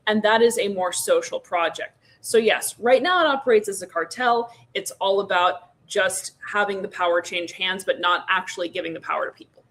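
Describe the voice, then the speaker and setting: A woman's voice: mid-range voice, fairly bright tone. A woman speaking as a guest on a casual online panel, her voice in a middle range. She explains her views fluently and at length, building each point step by step. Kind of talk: casual political discussion.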